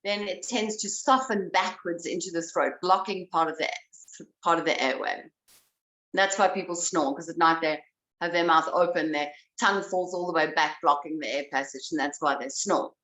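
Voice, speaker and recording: A woman breathwork instructor leading a guided breathing exercise, giving slow, calm instructions. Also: on the low side. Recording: roomy sound, voice away from the mic.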